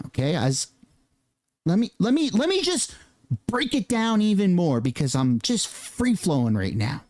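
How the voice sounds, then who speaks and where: A man hosting a casual political commentary rant, swearing and mocking other people with quick impressions. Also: high voice, sing-song, a little mellow, dry recording.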